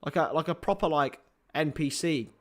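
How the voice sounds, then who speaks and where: A young man hosting a live football watchalong, joking with banter between bursts of excited play-by-play calls. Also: on the high side, normal speed. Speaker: host.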